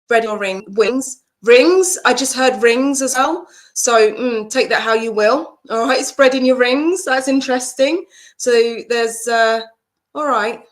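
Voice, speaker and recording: A woman's voice: on the high side, slow pace. A woman hosting a live psychic card reading stream, greeting viewers by name and explaining the cards in a flowing spiritual way. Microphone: video call setup.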